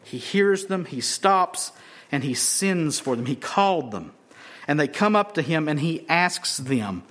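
Male preacher, high bright voice, unhurried dramatic delivery, shouts and whispers. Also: lively intonation. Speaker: pastor. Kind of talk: sermon.

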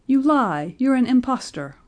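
A woman voicing a nervous, frantic gentleman and new father, hurried and flustered in his speech. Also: medium pitch, big pitch swings, pitched above the performer's own voice. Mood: outraged.

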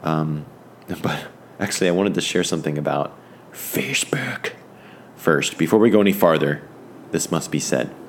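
A man with a very deep, low voice teaches an informal Bible lesson. He talks fervently but halts often and restarts his sentences. Faint ambience sits behind him. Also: a little hiss or hum. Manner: rambling and halting, with many fillers and restarts; fervent, enthusiastic.

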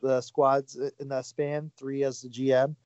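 Dry-sounding, halting podcast host man. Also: mid-range voice, little pitch movement, a little mellow, no room sound, highs cut off. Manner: halting, many fillers and restarts. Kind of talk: casual sports chat.

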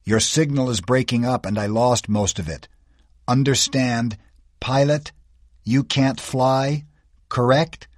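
A man voicing a calm male radio operator with clipped, procedural speech in an audiobook. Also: mid-range voice, slow pace, no room sound, clean studio sound. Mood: businesslike. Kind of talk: audiobook character voice.

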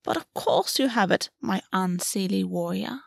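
A woman voicing a brash, clawed fae queen who mocks warmly and swears freely. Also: a little high, sing-song, normal speed, gravelly, no room sound, clean studio sound, exaggerated voice. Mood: playful menace. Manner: mocking yet warm, swears freely. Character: brash, teasing female fae queen, a clawed bird shifter.

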